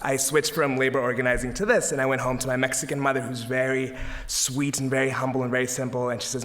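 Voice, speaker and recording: A man's voice: medium pitch, a little fast, a bit bright. A young man speaking at a panel for an advocacy group, enthusiastic and humorous, rallying the audience from a podium. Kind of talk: energetic public speech at a panel. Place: lecture hall, at a podium.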